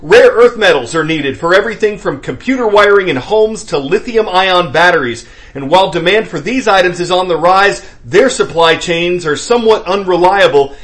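A man reading the news as anchor in a brisk, clear newsreader delivery. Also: high voice, a bit bright. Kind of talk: scripted news narration.

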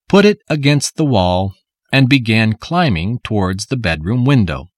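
A man narrates a textbook story in an English lesson recording, speaking clearly and carefully. His voice is lowish but very expressive in its rise and fall. The pace is unhurried, and the sound is dry and close. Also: no room sound.

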